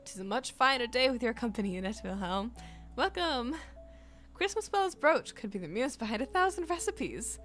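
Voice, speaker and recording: A woman's voice: a little high, expressive, normal speed, a bit bright, faint music behind. A woman voicing a genteel, food-loving shop customer in a game, with flowery, gracious phrasing. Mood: delighted.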